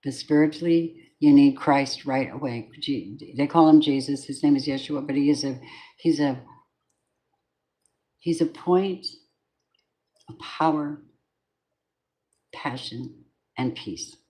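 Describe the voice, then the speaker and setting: Speaking slowly with long pauses, this woman has a low, mellow voice. She's a tarot reader doing a collective reading in a rambling, candid style, cursing frequently and wandering off into spiritual tangents.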